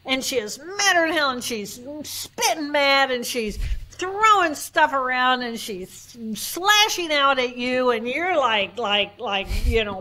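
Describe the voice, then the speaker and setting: A woman with a somewhat high voice talks as a guest neuroanatomist. She explains in a lively way and slips into quick acted-out voices to make her points. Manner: animated, acts out examples in voices. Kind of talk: explanatory interview talk.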